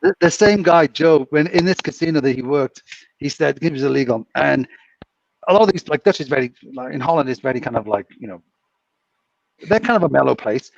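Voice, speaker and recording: A man's voice: medium pitch, lively intonation, fairly quick, vocal fry, dry recording, distant mic, highs cut off. A man co-hosting a casual chat, telling a long, rambling anecdote and chuckling through it. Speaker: co-host.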